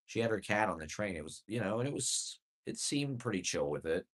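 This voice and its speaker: A man's voice: lowish voice, lively intonation, a little fast, a bit bright. A man rambling through a profane, self-deprecating comedic monologue with sardonic chuckles. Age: adult.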